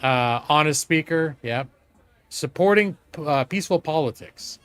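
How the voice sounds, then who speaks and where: A man's voice: on the high side, expressive, a little slow, fairly bright tone, clean tone, no echo, soft background music. A man casually commenting while he plays a strategy game live, swearing now and then and talking to his chat. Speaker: streamer playing a strategy game.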